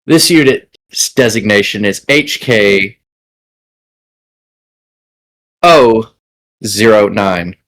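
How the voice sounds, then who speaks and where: A man's voice: on the low side, expressive, takes it slowly, fairly bright tone, a little hiss or hum, full character voice, rough recording. A man putting on a sarcastic old assassin droid. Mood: deadpan. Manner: clipped robotic declarations.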